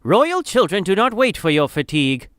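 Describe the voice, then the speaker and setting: A man voicing a cold, harsh woman midwife who scolds flatly. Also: fairly high pitch, a little slow, smooth, no echo, studio quality. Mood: scolding. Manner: flat and scolding.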